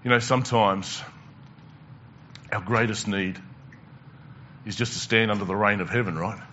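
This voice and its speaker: A man's voice: on the low side, steady tone, normal speed, pushed and bright, lo-fi sound, a little hiss or hum. A male pastor preaching a conversational sermon, asking the congregation questions and repeating words as he goes.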